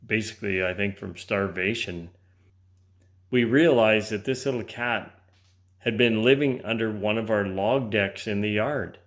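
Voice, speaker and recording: Deep-voiced man explaining plainly. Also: fairly bright tone. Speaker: homestead channel co-host. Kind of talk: casual explaining.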